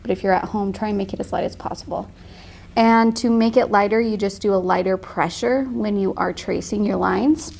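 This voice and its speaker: Gravelly-voiced woman teaching painting. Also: mid-range voice, fairly even intonation, moderate pace, a little mellow. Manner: chatty, laughs easily. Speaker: painting instructor. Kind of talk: casual tutorial.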